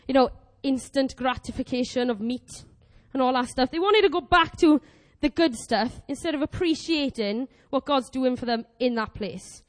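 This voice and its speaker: A young woman in her twenties delivers an energetic sermon with a very high, bright-pitched voice. She is exclamatory and animated, and she acts out the prayers she quotes. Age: 20s. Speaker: preacher. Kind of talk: lively sermon.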